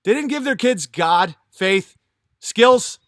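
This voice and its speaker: A male comedian on a blunt, profane rant. His voice is high and bright. The recording is dry and close, with no room echo. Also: animated, slow.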